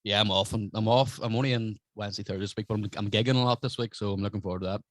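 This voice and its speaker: A man's voice: lowish voice, rapid-fire, no room sound. A man, a stand-up comedian, telling brash, profane stories in casual podcast chat. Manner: swears constantly, brash and animated.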